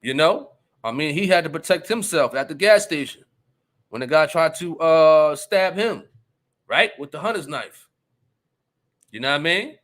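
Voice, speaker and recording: A man with a fairly high voice talks straight to his audience in a loose, casual commentary. He reads out viewer comments and answers them with firm conviction, returning again and again to the check-in "you understand?". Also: animated, moderate pace, long pauses, fairly bright tone. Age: adult. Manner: emphatic, repeats "you understand?", reads chat aloud. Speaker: channel host reading viewer comments.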